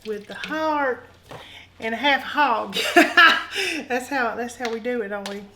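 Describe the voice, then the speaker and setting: A woman's voice: fairly high pitch, moderate pace, gravelly, pushed and bright, a little hiss or hum, rough recording. A woman hosting a home cooking show, talking in a folksy, joking way and calling viewers honey. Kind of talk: casual cooking demonstration. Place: home kitchen.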